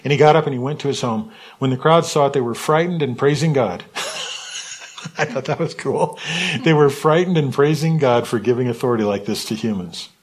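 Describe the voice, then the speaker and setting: A man leading a Bible study, reading scripture aloud in a lively way and stopping to comment on it. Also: medium pitch, a little fast, slightly rough, poor audio. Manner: animated reading, voices the quotes with asides.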